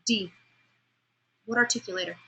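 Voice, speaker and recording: A woman lecturing a class on vocal delivery, asking students questions and demonstrating sounds, pace and pauses herself. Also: mid-range voice, gravelly, sharp tone, husky, rough recording. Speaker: speech instructor.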